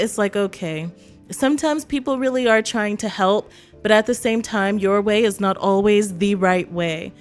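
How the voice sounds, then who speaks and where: A woman's voice: mid-range voice, steady tone, normal speed, soft background music. A woman from East Texas talking casually to the camera as a vlogger, laughing often and acting out quotes. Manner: chatty, laughs often, acts out quotes in other voices.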